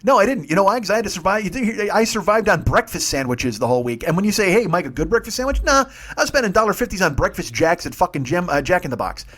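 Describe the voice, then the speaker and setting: A man in his fifties talks fast and rambles through a profane comic monologue, swearing freely. His voice sits high for a man and swings widely in pitch. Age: 50s. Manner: rambling, swearing, animated storytelling. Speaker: podcast host.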